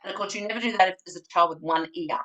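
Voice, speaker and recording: Animated woman presenter. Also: lowish voice, racing, dull audio. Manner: animated, theatrical, chatty. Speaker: early childhood trainer presenting a webinar. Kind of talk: lively webinar presentation.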